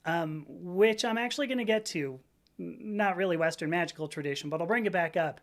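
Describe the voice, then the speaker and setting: A middle-aged American woman with a lowish voice talks fairly quickly while hosting a casual livestream. She reads chat and answers comments in a rambling way, often correcting herself.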